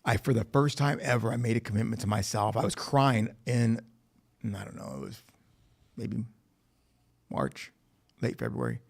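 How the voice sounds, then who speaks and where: A man gives personal testimony about his recovery at a meeting in a recovery facility, speaking candidly with swearing and acted-out dialogue. His lowish, creaky voice is expressive at normal speed, with frequent pauses.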